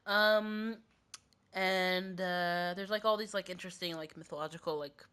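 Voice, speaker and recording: A woman's voice: lowish voice, steady tone, unhurried, fairly bright tone, clean tone. A woman hosting a podcast, with a cough, casually retelling a myth in a rambling, filler-heavy way. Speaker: podcast host.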